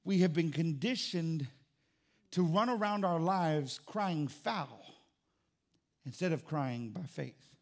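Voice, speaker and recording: A man's voice: on the high side, expressive, slow pace. A man pastor preaching a sermon, emphatic and jokey, with rising exclamations.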